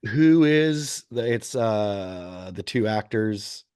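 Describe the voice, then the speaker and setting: Man, 40s, low voice, dry close sound, casual podcast chat, rambling, opinionated. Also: expressive, slow, darkish tone, clean tone, no echo. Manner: rambling, self-correcting, opinionated. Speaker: podcast co-host.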